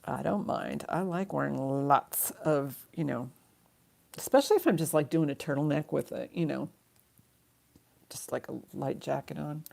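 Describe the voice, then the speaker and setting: A middle-aged woman runs a live online jewelry auction in loose, rambling chat, laughing often. Her voice sits low with a gravelly fry. She talks like she is chatting with regulars. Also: lively intonation, moderate pace, darkish tone. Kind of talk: casual live-stream selling.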